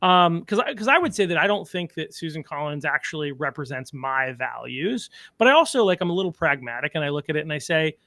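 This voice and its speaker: A man's voice: on the high side, very animated, brisk, hardly any pauses, pushed and bright, no room sound, studio quality. A man hosting a podcast, interviewing in a casual, rambling way with many fillers and restarts. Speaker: podcast host.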